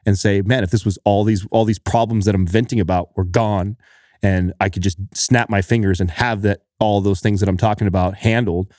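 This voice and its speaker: A man's voice: lowish voice, dark tone, no echo, studio quality. A man speaking passionately and emphatically in a casual podcast chat, swearing freely. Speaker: podcast guest, fitness co-host.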